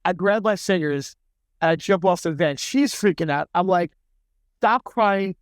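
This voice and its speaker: A middle-aged man tells his stories with lively energy, slipping into other people's voices and swearing without a second thought. His voice sits a little high for a man. The sound is dry and close. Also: moderate pace, no echo. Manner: animated, acts out other people's lines, swears freely. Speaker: chef and podcast guest. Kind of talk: casual storytelling interview.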